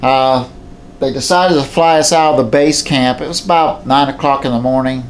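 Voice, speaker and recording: A man's voice: mid-range voice, normal speed. Man, mid-range voice, plain folksy yarn-spinner who circles back on his words, light background hiss. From southwestern Pennsylvania. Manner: plainspoken, folksy, repeats himself. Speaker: hunter telling a story. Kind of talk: casual storytelling to camera. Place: indoors at home beside a mounted moose.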